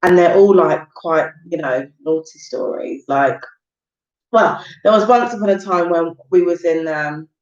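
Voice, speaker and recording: Woman in her thirties, lowish voice, rambling casual livestream chat, heard from a distance. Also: measured pace, a little mellow. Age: 30s. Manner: chatty, rambling storytelling with lots of fillers. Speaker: live-stream host. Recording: roomy, distant, dull home recording.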